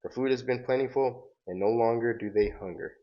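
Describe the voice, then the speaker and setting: A man's voice: mid-range voice, fairly quick, natural voice. A man reading aloud as a sorrowful, noble male cosmic wanderer in solemn archaic speech, on a dull lo-fi recording.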